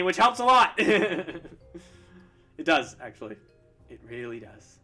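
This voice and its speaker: A man's voice: mid-range voice, lively intonation, measured pace, pushed and bright, faint music behind. A young man, a streaming artist, chatting casually and rambling while he draws. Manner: chatty, rambling, self-interrupting.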